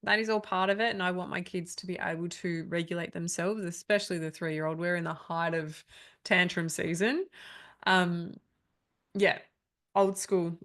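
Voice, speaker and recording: Woman coach in her thirties, low gravelly voice, candid and chatty, online video call. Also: fairly bright tone. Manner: candid, chatty, laughs often. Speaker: trauma coach. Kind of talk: live online workshop talk.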